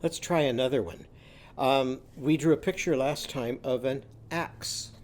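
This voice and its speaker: A man's voice: mid-range voice, unhurried. A man teaching a children's literacy lesson, patiently guiding young listeners through sounds and letters.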